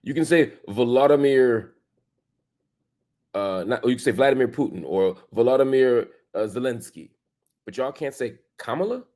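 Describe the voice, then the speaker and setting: A man in his forties hosting a show, delivering an emphatic opinion monologue full of rhetorical questions, swinging between loud and soft. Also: mid-range voice, normal speed. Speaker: show host.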